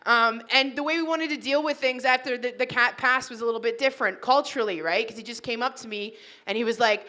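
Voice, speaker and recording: Woman stand-up from Toronto, higher, bright and punchy, chatty crowd work on a mic. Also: fast, hardly any pauses. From Toronto, Canada. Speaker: stand-up comedian. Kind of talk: stand-up comedy set. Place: wedding reception hall.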